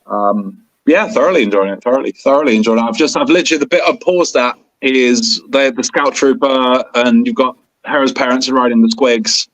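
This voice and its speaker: A man co-hosting a podcast in casual chat, excitable and rambling, with bursts of enthusiasm. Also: medium pitch, brisk, hardly any pauses, no echo, rough recording. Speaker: podcast co-host.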